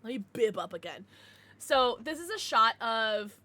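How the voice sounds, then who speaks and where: A woman streamer with a fairly high, bright, sharp voice that swings widely in pitch. She chats casually with her viewers, excitable and quick to swear. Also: no room sound. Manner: laughs and gasps often. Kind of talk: casual livestream chat with viewers.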